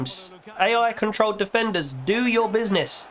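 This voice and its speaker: A man's voice: sits high, moderate pace. A young man giving casual, jokey commentary over a football video game, his voice a little strained. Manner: chatty, jokey, excitable play-by-play. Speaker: gaming YouTuber.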